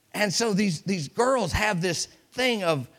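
A man's voice: sits high, creaky, fairly bright tone. A middle-aged man preaching a sermon in a folksy storytelling way, acting out voices and repeating words for effect.

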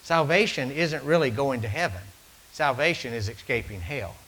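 Guy preaching, bright voice, gets loud then drops real quiet, middle pitch. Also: lively intonation, moderate pace, husky, low-quality recording. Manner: storytelling, swinging from loud to hushed. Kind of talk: sermon.

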